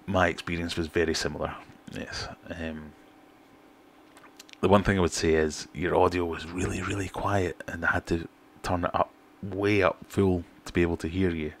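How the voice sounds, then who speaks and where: A middle-aged British man hosting a relaxed livestream, chatting and reading out viewer comments in a self-deprecating way. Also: sits low, normal speed, a little hiss or hum. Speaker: fishkeeping livestream host. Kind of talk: casual livestream chat.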